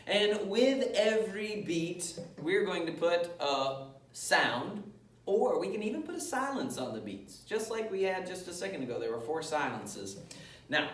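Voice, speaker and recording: A man's voice: a little high, recorded from a distance. Man teaching rhythm in an echoey room. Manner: patient, step-by-step, speaking the rhythm syllables in time. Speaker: music teacher. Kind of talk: elementary music lesson.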